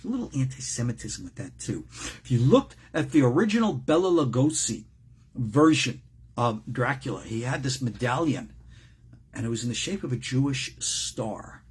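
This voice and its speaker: An older man, a rabbi, giving an informal religious class, animated and joking with frequent asides and a raspy voice. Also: medium pitch, normal speed.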